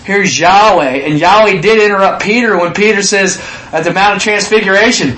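A man preaching a sermon in an animated way, acting out quotes with sudden shouts. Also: high voice, brisk, few pauses, reverberant.

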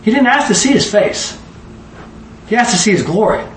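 A man's voice: high voice, animated, normal speed. A man teaching a conversational Bible study sermon, often asking the audience questions, recorded in an echoey room from a distant mic with faint background noise. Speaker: preacher.

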